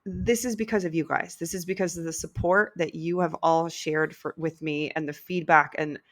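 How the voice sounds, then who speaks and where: A middle-aged woman hosts a solo podcast in a casual, candid way, dropping the odd swear word. She talks with heartfelt emotion. Her voice sits on the low side for a woman. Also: steady tone, moderate pace. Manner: candid, swears freely, gets choked up and emotional. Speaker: podcast host.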